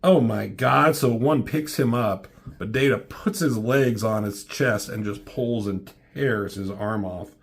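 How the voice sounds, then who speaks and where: A man's voice: lowish voice, unhurried, gravelly. A man reviewing a comic in loose, casual commentary. His asides are offhand, and he swears freely as he talks through the pages.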